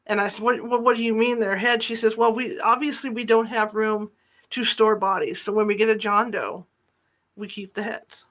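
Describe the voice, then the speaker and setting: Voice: mid-range voice, fairly even intonation, moderate pace, a bit bright. A podcast host casually telling a personal story from reporting days, acting out the dialogue in quotes. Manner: chatty, retells dialogue in quotes. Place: lives in the Sacramento area.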